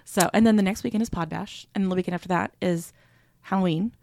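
A woman co-hosting a podcast, chatting casually in an excitable, giggly way. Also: fairly low pitch, quick pace, gravelly, no room sound, studio quality. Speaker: podcast co-host. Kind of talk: casual chat.

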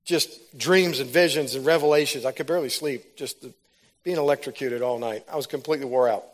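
A man's voice: medium pitch, brisk. A man giving a sermon, telling a personal testimony that builds into fervent preaching. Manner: storytelling, rises to loud fervent preaching.

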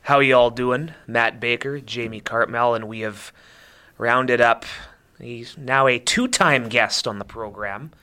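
A man with a bright, forceful voice hosts a casual podcast. He introduces his guest and keeps the talk moving with friendly, easy questions. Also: mid-range voice, slow, clear, resonant tone. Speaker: podcast host.

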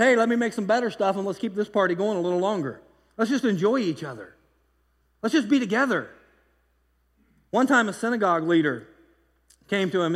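A pastor preaching a sermon in a loose, conversational way, telling stories with lively energy and frequent restarts. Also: male voice, sits high, long reverb tail. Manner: conversational, animated storytelling with repeated restarts.

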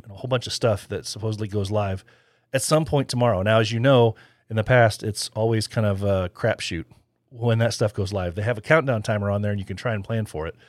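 A man's voice: fairly low pitch, no echo. A man hosting a podcast, chatting casually and rambling, with frequent laughs. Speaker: podcast host.

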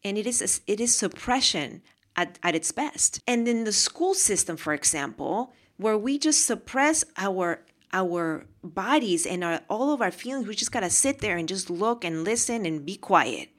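A woman's voice: medium pitch, lively intonation, moderate pace. A woman hosting a motivational podcast, talking casually and emphatically and repeating phrases for emphasis. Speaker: podcast host.

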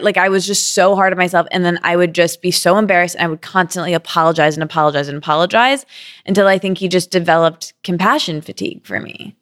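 A woman's voice: on the low side, fairly bright tone. A woman in her thirties telling a personal story in a candid, chatty way, full of "like" fillers. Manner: quick, chatty, frequent "like" fillers. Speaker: podcast guest.

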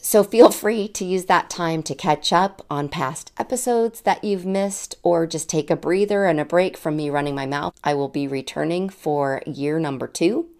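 Woman in her late forties, low voice, gravelly texture, chatty podcast storytelling, self-deprecating. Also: normal speed, few pauses, a little mellow. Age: 40s. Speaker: podcast host. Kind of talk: personal storytelling monologue.

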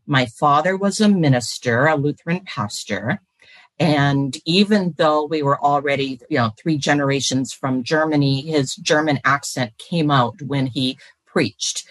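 Woman, 60s, from central Wisconsin. A historian and pastor, thoughtful and measured. Dry studio sound. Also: low voice, dry recording, rough recording. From central Wisconsin, USA. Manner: thoughtful, measured, with frequent fillers and restarts. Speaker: guest, historian and Lutheran pastor. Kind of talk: reflective interview answers.

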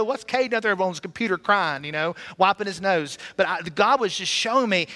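A high, pushed, bright male voice belongs to an Alabama pastor preaching in a church sanctuary. He tells his personal story with earnest conviction and sings at times, and hall reverb fills the recording.

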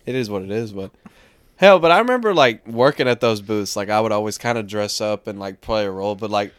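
A young man from Texas hosting a casual podcast chat, telling animated stories and swearing freely. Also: fairly low pitch, brisk, smooth, dry recording. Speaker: podcast host.

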